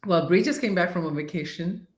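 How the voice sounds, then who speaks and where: Lady cohost chatting on a live stream, low voice, laughs a lot, echoey room. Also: brisk. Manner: laughs often, playful. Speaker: co-host. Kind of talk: casual livestream chat.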